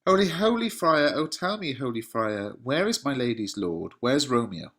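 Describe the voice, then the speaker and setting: A man's voice: medium pitch, sing-song, normal speed, fairly bright tone, pitched above the performer's own voice. A man reading the lines of an older female nurse, pleading and lamenting. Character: fussy, tearful older nurse, a woman.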